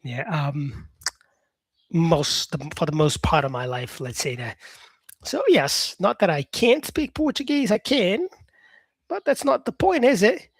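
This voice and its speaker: A man's voice: on the high side, expressive, measured pace, husky, no echo. A man teaching English, talking casually to viewers and stressing his points by restating them in new words. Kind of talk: casual explanatory talk to viewers.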